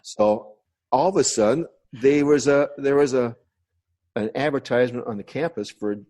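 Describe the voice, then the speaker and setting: A man in his sixties from the United States appears as a podcast guest in a casual interview, telling long, rambling stories about his past. His voice is medium in pitch and a little mellow, and he speaks at a moderate pace.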